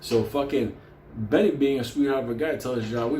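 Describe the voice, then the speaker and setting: A man's voice: medium pitch, normal speed, dark tone. A middle-aged man telling a crude, rambling story, swearing constantly and often laughing. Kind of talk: casual profane storytelling. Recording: roomy echo with faint hum.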